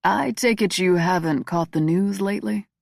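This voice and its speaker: Female narrator doing a composed male crime boss: low, gravelly, understated, close and dry. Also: moderate pace, darkish tone, dry recording. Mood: dry, calm.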